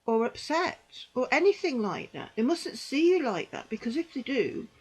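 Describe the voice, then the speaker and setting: An older woman from the United Kingdom, a vlogger and former psychiatric nurse, talks earnestly into her camera in a personal commentary monologue. Her high, sing-song, slightly rough voice moves at normal speed as she rambles with frequent restarts, sounding unwell and in pain. The recording is rough.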